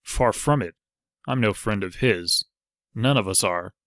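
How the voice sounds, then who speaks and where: A man's voice: fairly low pitch, unhurried, a bit bright, no echo, studio quality. A man voicing an earnest former ranger who explains himself plainly.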